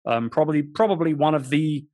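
A British man in his forties, an author guest telling animated stories in an interview, often restarting his sentences. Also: fairly high pitch, a little fast, no echo, clean studio sound. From England. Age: 40s. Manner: animated storyteller, frequent restarts. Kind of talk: storytelling interview chat.

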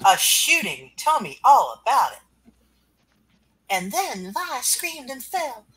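Woman putting on a high, bright girl sleuth, breathy, melodramatic, old comic-book flair. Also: big pitch swings, slow pace, full character voice, poor audio. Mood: earnest. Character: flustered young woman, a plucky amateur sleuth. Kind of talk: reading a comic aloud with voices.

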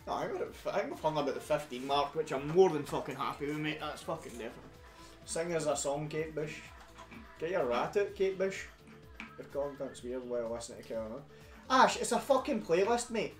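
Lively sweary Scottish lad, echoey room. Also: male voice, fairly high pitch, brisk. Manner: laddish, sweary, laughs a lot. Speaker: co-host. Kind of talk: casual chat. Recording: echoey room with music behind.

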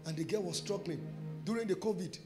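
A man's voice: high-pitched, a little fast, over music. A Nigerian man, a pastor, preaching a sermon and telling testimony stories, acting out the dialogue and mixing in pidgin phrases. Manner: animated storyteller acting out dialogue.

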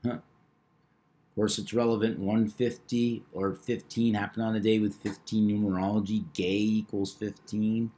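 Slow, low-voiced man reciting numbers. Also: little pitch movement, mellow. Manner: reads out numbers in a measured, knowing tone. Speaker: numerology video host. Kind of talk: casual monologue.

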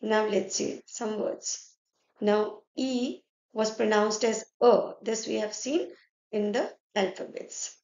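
A woman's voice: mid-range voice, fairly even intonation, takes it slowly, vocal fry, darkish tone. A woman with an Indian accent teaching a French lesson, explaining step by step and checking in often with "right?" and "okay". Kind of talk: explaining a French lesson in mixed Hindi and English. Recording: echoey room, dull lo-fi sound.

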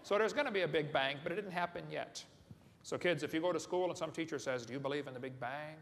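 Speaking fast, this seminar speaker has a fairly high, somewhat bright voice. In a big hall before a live crowd, he delivers a funny, folksy lecture full of jokes and frequent questions to the audience, and the recording carries echo and faint room noise.

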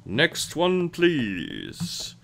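A man's voice: fairly high pitch, huge pitch swings, very slow, gravelly, very noisy. A man giving casual commentary while playing and reviewing a game, rambling and often tripping over and repeating his words. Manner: rambling, stumbles and repeats words, mutters asides.

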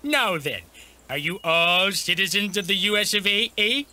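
An actor playing a friendly Canadian border guard who says "eh" a lot, with a Canadian accent. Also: male voice, high voice, animated, moderate pace, bright, forceful tone, full character voice. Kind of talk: cartoon voice acting.

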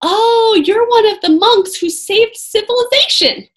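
A woman doing an eager, high-pitched young girl. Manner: excited, quick to speak up.

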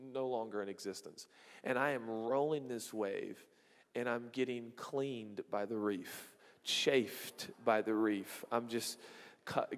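A man preaching a sermon as a pastor, telling a story with lively, acted-out exclamations and quick asides to the congregation. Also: mid-range voice, big-room sound.

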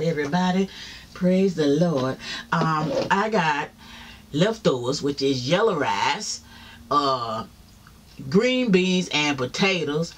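A woman vlogging a mukbang from home, chatting casually to her viewers as she eats. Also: sits low. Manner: chatty, talks straight to viewers, religious exclamations. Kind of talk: casual chat while eating. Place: home, seated in a chair.

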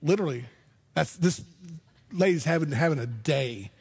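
A man's voice: on the high side, lively intonation, normal speed, vocal fry, a little mellow, husky. A man pastor preaching a sermon in a conversational way, often restarting his words. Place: church sanctuary.

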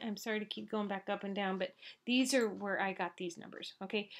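A woman's voice: medium pitch, a bit bright. Chatty woman teaching accounting. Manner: conversational, self-correcting, checks in with "all right?". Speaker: accounting instructor. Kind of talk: lecture walking through a problem.

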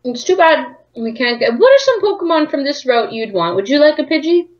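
A woman from Canada chats through a game playthrough, playful and teasing. Her pitch swings freely and her voice is fairly high. The audio is dull and lo-fi, like a voice call. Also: big pitch swings, fairly quick. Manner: playful, teasing with mock anger. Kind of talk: casual chat.

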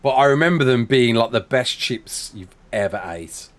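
With an animated, medium-pitched voice at a moderate pace, a young streamer plays a building game live, reading chat aloud and talking through each move in a casual way.

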